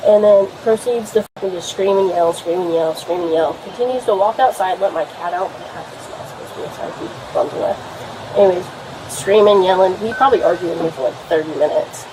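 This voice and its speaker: Recorded on a police body camera at a home, a young woman rambles to an officer about an argument, swearing and using many fillers. Her voice is lowish and brisk, with a noisy background.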